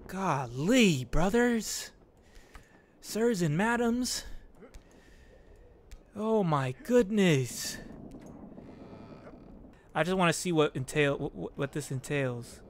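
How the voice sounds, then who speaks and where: Excitable young man streaming a game. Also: high voice, slow pace, pauses often. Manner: excitable, laughs and yelps at the game. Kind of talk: casual gameplay commentary.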